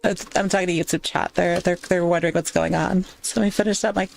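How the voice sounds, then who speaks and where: A woman's voice: on the low side, fairly even intonation, brisk, vocal fry, slight background noise. A woman live-streaming, chatting casually with her viewers into an ASMR microphone, teary and emotional.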